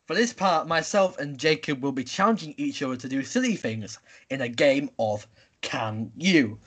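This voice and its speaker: A man's voice: mid-range voice, lively intonation, moderate pace, a bit bright. A young man hosting a casual podcast chat, running a quiz game in an upbeat, announcing way. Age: young adult. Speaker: podcast host.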